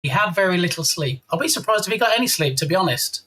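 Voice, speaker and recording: A man's voice: sits high, lively intonation, fast talker, bright, forceful tone, low-quality recording. An English man streaming live with a slight frog in his throat, chatting casually and reading out and thanking viewers' chat messages. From England. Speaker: game dev streamer.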